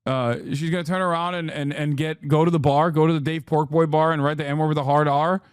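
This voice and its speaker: Excitable profane man streaming commentary. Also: a little fast, smooth, dry recording, clean studio sound. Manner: excitable, profane, swings into high incredulous outbursts. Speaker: streamer reacting to news. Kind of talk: casual livestream commentary.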